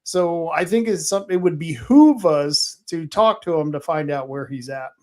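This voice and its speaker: A man hosting a casual political panel talk show, rambling and halting with many fillers. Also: fairly high pitch, darkish tone. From Oregon. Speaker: host.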